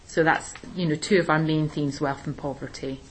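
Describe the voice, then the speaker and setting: A woman teacher explaining a play in a relaxed discussion, with plenty of ums and restarts. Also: low voice, normal speed, a little hiss or hum, poor audio. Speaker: English teacher. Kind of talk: recorded literature lesson discussion.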